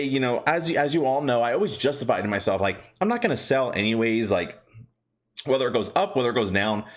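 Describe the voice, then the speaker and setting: A man hosting a casual stock market livestream, chatty and upbeat, greeting viewers by name and telling rambling stories with lots of fillers. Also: on the low side. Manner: rambling storytelling with many fillers.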